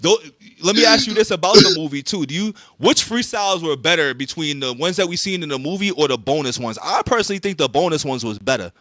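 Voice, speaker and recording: High bright-voiced guy on a podcast, real lively, laughs a lot. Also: fast, dry recording. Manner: animated, laughing, slangy. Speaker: podcast host. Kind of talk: casual chat.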